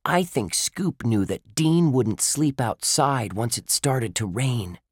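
A man's voice: mid-range voice, sing-song, slow, a little mellow, slightly rough, no echo, studio quality, voice pushed up, heavily acted. A man voicing an earnest young boy detective who reasons things out aloud.

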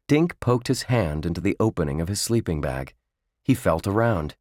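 A man narrating a children's book in a slow, measured storytelling manner. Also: low-pitched, animated, darkish tone, no room sound, clean studio sound. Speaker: audiobook narrator.

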